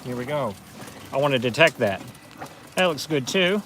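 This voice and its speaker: A man's voice: mid-range voice, lively intonation, moderate pace, a bit bright, a little hiss or hum. An easygoing man explaining his gold prospecting work casually outdoors by a creek.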